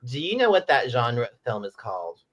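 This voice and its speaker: A man's voice: mid-range voice, big pitch swings, normal speed, dull audio. A man co-hosting a podcast, chatting casually and laughing as he talks. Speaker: podcast co-host. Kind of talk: casual chat.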